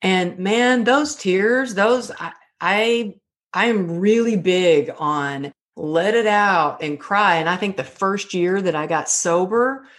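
A woman's voice: medium pitch, slow pace. A middle-aged woman guest telling her own story in a candid, emotional way, full of fillers. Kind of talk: personal storytelling interview.

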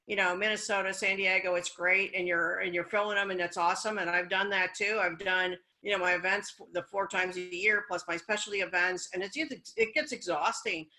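A woman's voice: medium pitch, fairly even intonation, fairly quick, hardly any pauses, bright, forceful tone, poor audio. Middle-aged woman coach, casual chat, shares her own stories, upbeat and encouraging. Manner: candid and encouraging, personal stories. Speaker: business coach and event host.

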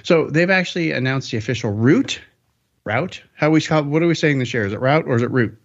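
A man's voice: a little high, rapid-fire. A man hosts a podcast in an easygoing, rambling way. He keeps the talk upbeat and often corrects himself mid-sentence. The recording sounds a little dull and lo-fi. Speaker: podcast host. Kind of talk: casual podcast chat.

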